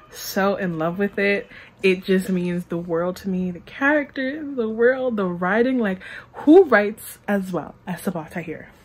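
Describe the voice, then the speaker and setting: A young woman hosting her own book vlog in casual, gushing chat, excitable and talkative. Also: medium pitch. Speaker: book vlogger.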